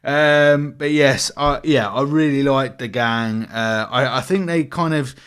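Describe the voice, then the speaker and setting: A British man co-hosting a casual podcast chat. He talks in a loose, chatty way, swears freely and often stumbles and restarts his sentences. His voice sits in the middle pitch range for a man. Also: a little slow, a bit bright, smooth. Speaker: podcast co-host.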